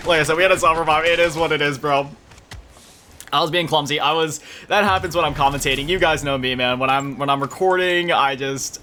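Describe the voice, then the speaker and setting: In a mid-range voice, a young man from Florida chats loosely while commentating on his game, dropping the odd swear. Music runs loudly under him, game music and gunfire fill the background, and there's slight background noise.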